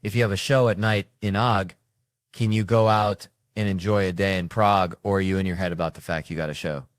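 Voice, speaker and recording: A male interview host with a deep voice asks quick, curious questions in casual conversation. The sound is dry and close to the mic. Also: steady tone, no room sound.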